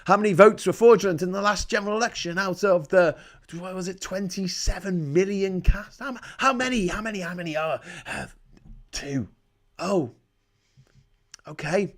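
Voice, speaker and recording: Sweary ranting man, higher voice. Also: moderate pace. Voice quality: a little hoarse. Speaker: political livestream host. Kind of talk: angry political rant.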